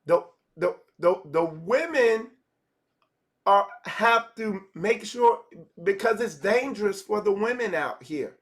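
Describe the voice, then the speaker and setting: A man's voice: sits high, lively intonation, takes it slowly. A man giving a casual livestream lesson, talking conversationally, repeating phrases and acting out small dialogues. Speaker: spiritual teacher.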